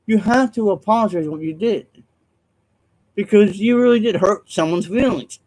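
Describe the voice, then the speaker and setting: A vlogger with a high-pitched, slightly mellow voice speaks at normal speed on a rough recording. Alone with his viewers, he rambles earnestly, repeats himself, apologizes, and trails off with ums.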